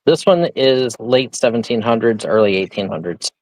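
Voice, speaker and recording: Man, auction live-streamer, loose joking patter, mid pitch, dry close sound. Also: expressive, normal speed, a little mellow, no room sound, poor audio. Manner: chatty, thinking aloud, joking. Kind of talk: casual live-stream selling.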